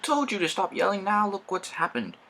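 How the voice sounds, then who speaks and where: A man's voice: high voice, expressive, fairly quick, bright, forceful tone, pitched above the performer's own voice, heavily acted. A man voicing a cautious, fussy old male steam engine in a fan-made story. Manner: cautious, scolding.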